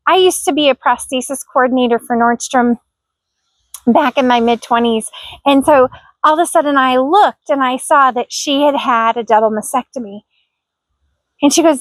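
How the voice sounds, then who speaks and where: A middle-aged woman tells a personal story in an earnest, heartfelt way. Her voice sits high, and the sound is dry and close with almost no room around it. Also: no room sound. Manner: earnest, heartfelt, emotional at times. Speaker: vlogger.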